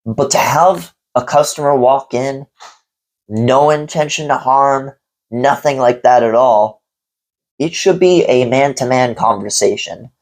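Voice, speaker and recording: A male coffee vlogger recounting a story in a casual, rambling way. His voice is gravelly, and his delivery is blunt and profane. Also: medium pitch, measured pace, rough recording.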